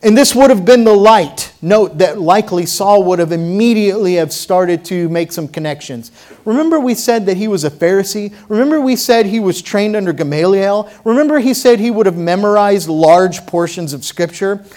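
A man preaching a sermon as pastor, asking the congregation rhetorical questions and swinging between loud passages and quiet ones. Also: high voice, expressive, normal speed.

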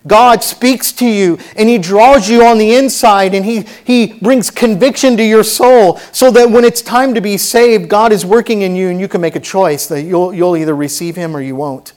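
A man's voice: sits high, moderate pace, few pauses, darkish tone. A man preaching a sermon as pastor to a church congregation, fervent and conversational with asides. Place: church sanctuary.

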